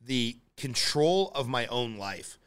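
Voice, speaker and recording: A man's voice: medium pitch, lively intonation, slow pace, fairly bright tone, clean tone. A man hosting a casual interview, talking in an earnest, emphatic way. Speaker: podcast host.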